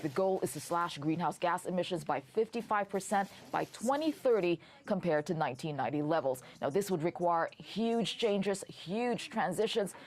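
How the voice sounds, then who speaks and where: A woman reporter filing a news report in a crisp, explanatory way. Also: on the low side, darkish tone.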